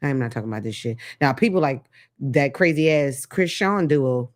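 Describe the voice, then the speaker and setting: Animated, profane woman host. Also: very deep voice, normal speed. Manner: blunt, profane, animated, laughs often. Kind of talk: casual commentary monologue.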